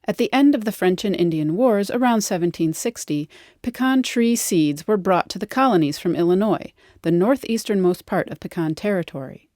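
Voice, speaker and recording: A woman's voice: mid-range voice, lively intonation, moderate pace, mellow, no echo. A woman narrating a scripted educational explainer with a wry, lightly playful delivery, recorded on a close studio mic.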